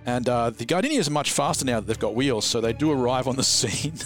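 A man's voice: mid-range voice, lively intonation, fast talker. A man running a tabletop game as dungeon master. His voice rises and falls widely as he jokes and laughs. Music plays behind him. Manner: joking, laughs often.

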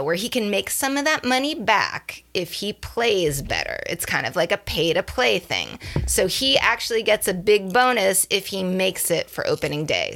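Chatty woman with a gravelly, bright voice. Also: mid-range voice. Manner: chatty, laughs often, self-correcting. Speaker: podcast co-host. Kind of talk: casual chat about baseball.

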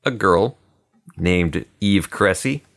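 A man voicing a quiet, plump middle-aged hotel detective who speaks softly, calmly and unhurriedly. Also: sits low, vocal fry, full character voice. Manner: soft, calm and unhurried.

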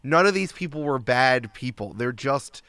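Lively-voiced man in dry close sound. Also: moderate pace, smooth, dry recording. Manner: animated, jumps up in pitch when excited. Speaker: podcast guest. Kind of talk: casual movie podcast chat.

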